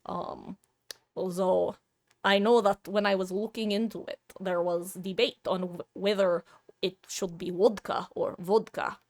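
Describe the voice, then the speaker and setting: A woman's voice: medium pitch, steady tone, measured pace, no echo. A woman streamer in a casual live-stream chat who rambles, laughs often and pokes fun at herself. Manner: frequent restarts and filler words.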